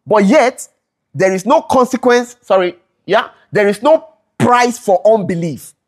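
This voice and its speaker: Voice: mid-range voice, unhurried. A Bible study teacher who explains scripture, asks rhetorical questions, repeats them for emphasis, and keeps checking in with listeners. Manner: checks in with listeners, keeps asking "all right?"; corrects themselves mid-sentence.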